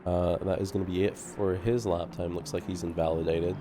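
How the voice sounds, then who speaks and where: A man doing live sim racing commentary, relaxed and laughing often, tripping over driver names. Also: low-pitched, fairly quick, noisy background.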